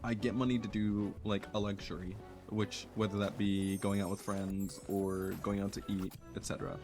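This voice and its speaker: Soft-spoken low-voiced man musing while gaming. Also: level tone, moderate pace, music in the background. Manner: soft, earnest, rambling with many fillers and restarts. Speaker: gaming streamer. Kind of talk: reflective casual chat while playing.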